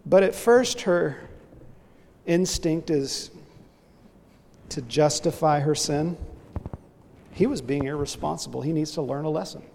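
A man's voice: a little high, slow pace, pauses often, a little mellow, in a large hall, a little hiss or hum. A man preaching a sermon, earnestly illustrating his point with a story.

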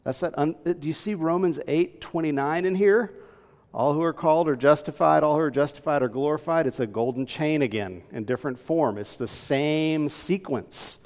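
A man's voice: on the high side, normal speed, darkish tone. A man preaching a sermon, reading scripture aloud and explaining it earnestly, rising to emphatic peaks. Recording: long reverb in a large hall.

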